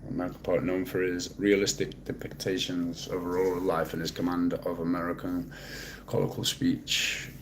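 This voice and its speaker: A man's voice: low-pitched, little pitch movement, normal speed, a little hiss or hum. A man with a Manchester accent, chatting casually on a livestream and answering his chat with dry sarcasm. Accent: Mancunian. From Manchester, England. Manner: laid-back, dry and sarcastic, swears casually. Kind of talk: casual live-stream chat.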